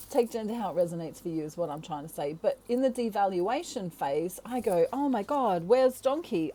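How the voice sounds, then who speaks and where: A woman with a mellow, relaxed voice, talking casually to the camera on her own channel. She is animated, laughs often, and acts out quoted voices as she explains. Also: fairly low pitch. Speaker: tarot reader and channel host.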